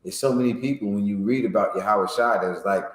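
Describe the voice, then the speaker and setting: A man with a lowish voice leads an informal Bible class, breaking verses down in everyday slang and asking his listeners whether they follow. His voice carries the echo of the room he is speaking in. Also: a little fast, slight background noise. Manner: explains verses in plain slang, often asks "you know what I'm saying?". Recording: echoey room.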